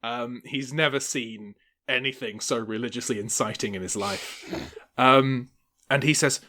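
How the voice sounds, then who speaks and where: A man narrating as game master, halting with many fillers and often laughing. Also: medium pitch, pushed and bright.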